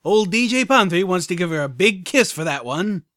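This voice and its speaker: A man voicing a boisterous male pony radio DJ with hyped, booming broadcaster patter. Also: lively intonation, normal speed, sharp tone, dry recording, studio quality.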